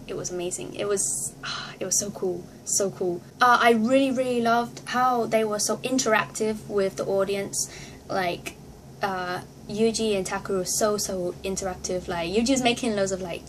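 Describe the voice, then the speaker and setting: A woman vlogger telling a story to camera in a casual, excitable way, acting out her reactions and laughing often. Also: medium pitch, slight background noise.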